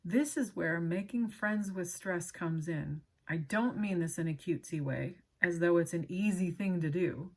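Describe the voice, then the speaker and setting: A woman with a lowish voice reads a book aloud on her own channel, adding casual personal asides. Earnest and emotional, she often pauses to apologize.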